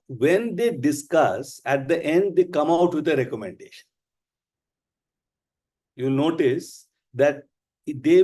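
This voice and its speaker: A man with an Indian English accent teaching a live class, explaining slowly and with emphasis. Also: fairly high pitch, a little mellow. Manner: slow, deliberate, emphatic explaining. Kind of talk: live online class lecture.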